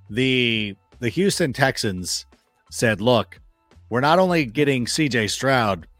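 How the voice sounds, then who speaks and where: Animated man telling sports stories in a studio. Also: medium pitch, dry recording. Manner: animated storyteller, acts out quoted remarks, swears freely. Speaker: guest football analyst. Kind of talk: casual sports chat.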